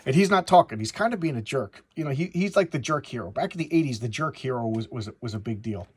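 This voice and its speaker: A man's voice: mid-range voice, lively intonation, quick pace, slightly rough. A man giving a casual, chatty comic book review, rambling through the story with frequent restarts.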